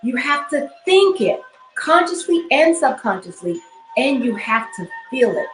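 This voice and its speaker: A woman's voice: sits high, sing-song, unhurried, faint music behind. Echoey woman teaching with checks of "okay?". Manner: repeats phrases, checks in with "okay?". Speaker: spiritual teacher. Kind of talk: instructional talk to camera.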